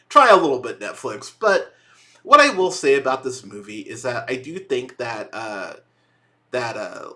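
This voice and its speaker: Bright-voiced, swearing man ranting about a movie. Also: medium pitch. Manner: profane, rambling, exasperated with frequent restarts. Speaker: movie review podcast host. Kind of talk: casual solo movie review.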